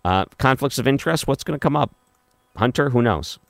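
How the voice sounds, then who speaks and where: A man hosting a late-night talk radio show, chatting casually with many restarts and a calm, skeptical tone, in a studio on a studio mic. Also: medium pitch, fairly quick, gravelly, no echo. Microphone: studio microphone.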